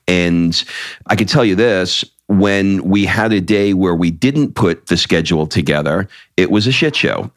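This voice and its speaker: A man's voice: low-pitched, dry recording, studio quality. A middle-aged man co-hosting a podcast in casual chat, blunt and candid, swearing freely and often restarting his sentences. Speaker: podcast co-host.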